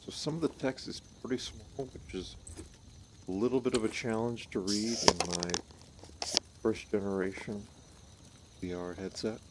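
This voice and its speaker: Low-voiced man rambling over gameplay. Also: moderate pace, long pauses, background noise. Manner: rambling, offhand, occasionally swearing. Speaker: live streamer playing a VR game. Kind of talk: casual gameplay commentary.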